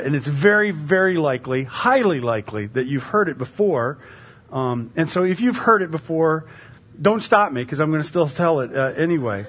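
A man's voice: a little high, husky. A male pastor praying and then preaching a sermon in a casual, storytelling way, with lots of fillers. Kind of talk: conversational sermon.

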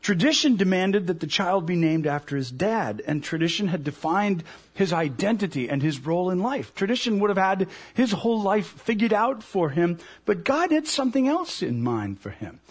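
Male pastor, tenor range with a breathy edge, preaches with lively storytelling. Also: high voice, moderate pace. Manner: animated storyteller, acts out voices. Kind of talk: sermon.

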